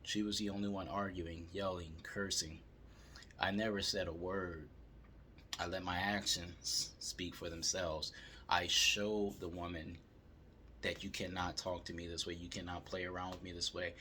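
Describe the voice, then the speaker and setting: A man calmly telling a story as he gives dating advice to male viewers. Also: low-pitched, normal speed, slight background noise. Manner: calm, steady storytelling.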